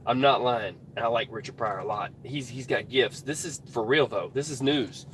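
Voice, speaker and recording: A man's voice: mid-range voice, moderate pace, a bit bright. Brief: folksy, rambling man chatting to viewers from a truck, faint engine hum. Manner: rambling, self-interrupting, folksy. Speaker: vlogger. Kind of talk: casual rambling chat.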